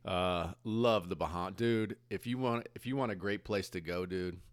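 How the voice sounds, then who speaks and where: A man co-hosting a trading show in casual chat, laid-back and quick to laugh, full of dude and man. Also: sits low, no echo. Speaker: co-host of options trading show.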